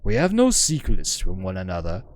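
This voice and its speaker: Stately game scholar woman, voiced by a man, measured and formal, with a lively rising-falling melody. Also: low-pitched, pitched below the performer's own voice, exaggerated voice. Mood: measured, gracious. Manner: measured, formal, precise diction. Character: elegant formal woman scholar, serene hive mind.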